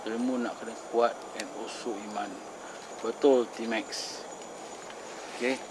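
A Singaporean man chats his way through a night-time ghost-hunting vlog outdoors, mixing Malay phrases into his English. He sometimes drops his voice to a hush. Faint crickets and insects buzz behind him. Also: mid-range voice, fairly even intonation, unhurried, noisy background. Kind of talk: casual solo vlog narration.

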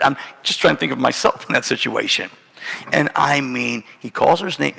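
A middle-aged man preaching a storytelling sermon, animated and self-mocking, often laughing through his story. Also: medium pitch, normal speed, creaky, slightly rough. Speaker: pastor. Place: church sanctuary. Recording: church hall with long reverb.

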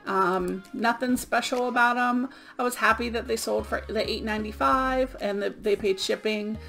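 A woman's voice: a little high, steady tone, moderate pace, gravelly, fairly bright tone. Middle-aged woman vlogger, upbeat and chatty, a bit winded from illness, light background music. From Florida. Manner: chatty, upbeat, many ums. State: sick, out of breath. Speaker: eBay reseller vlogger. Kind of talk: casual show-and-tell vlog.

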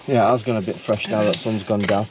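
A man's voice: fairly low pitch, steady tone, fast. A man co-hosting a travel vlog, chatting in an easygoing, joking way and muttering as he reads signs outdoors. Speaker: travel vlogger. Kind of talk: casual chat. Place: outdoors by a beach. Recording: noisy outdoor recording.

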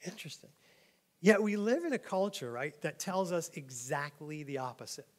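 A male pastor gives a loose, conversational sermon into a microphone in a church. His voice sits high for a man. He jokes a lot and keeps checking in with his listeners. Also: lively intonation, normal speed. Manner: chatty, joking, keeps asking "right?". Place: church sanctuary.

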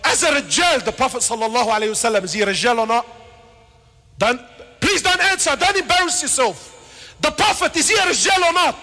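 In a large hall with a long echo, an Islamic preacher lectures fervently in a very high, bright, forceful voice, a little fast and lively in intonation. He jumps from shouted appeals to quiet asides and acts out the people in his stories.

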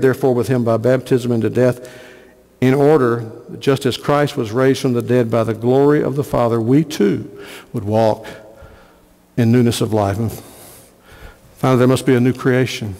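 A man's voice: mid-range voice, fairly even intonation, normal speed, mellow, in a large hall. A man preaching a sermon as pastor, earnest, repeating phrases for emphasis. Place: church sanctuary.

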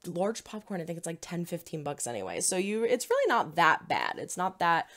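A woman with a New Jersey accent hosting a casual unboxing and review video, chatting in a gushing, excited way with quick asides. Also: on the low side. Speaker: reaction video host.

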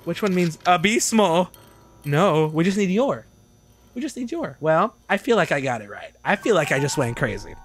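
A man playing a horror game and reacting with loud, joking commentary. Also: a little high, big pitch swings, moderate pace, a little hiss or hum. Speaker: gaming streamer.

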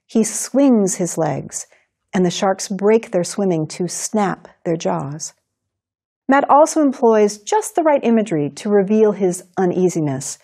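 Woman giving a measured writing lecture. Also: mid-range voice, animated, mellow. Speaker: writing instructor. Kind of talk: recorded lecture.

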